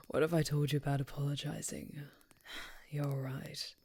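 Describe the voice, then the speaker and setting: A woman voicing a powerful, possessive female orc warrior in a whispered role-play, murmuring and often breathy. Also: low voice, little pitch movement, measured pace, dark tone, no room sound, heavily acted. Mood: worried, soothing. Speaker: ASMR storyteller.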